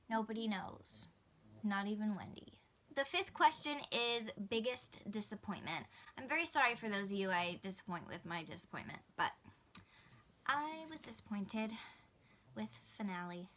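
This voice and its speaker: A young woman talks to camera in a bright, clear voice. She chats casually and gushes with enthusiasm, laughing easily as she goes. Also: medium pitch, animated, unhurried, long pauses. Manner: chatty, gushing, laughs easily. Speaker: book vlogger. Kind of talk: casual book talk to camera.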